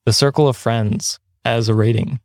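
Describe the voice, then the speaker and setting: A man's voice: mid-range voice, fairly even intonation, normal speed, darkish tone, dry recording, clean studio sound. A man hosting a podcast, talking casually and rambling a little, often correcting himself and laughing along the way. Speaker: podcast host.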